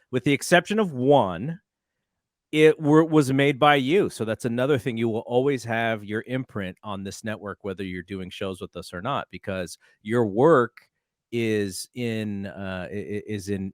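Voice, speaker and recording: A man's voice: fairly low pitch, dry recording, studio quality. A man hosting a casual podcast chat, friendly and appreciative as he asks his co-host questions.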